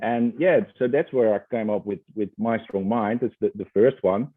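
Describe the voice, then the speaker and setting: A man's voice: fairly low pitch, normal speed, no room sound. A man with a Dutch accent, a guest author chatting hesitantly in an interview with many fillers and restarts. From Netherlands. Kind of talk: casual interview chat. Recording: tinny phone-like line.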